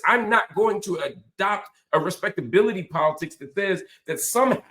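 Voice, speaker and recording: Impassioned man, higher-pitched voice. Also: sharp tone. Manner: impassioned, emphatic, repetitive rhetorical punches. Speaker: host. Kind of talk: political commentary monologue.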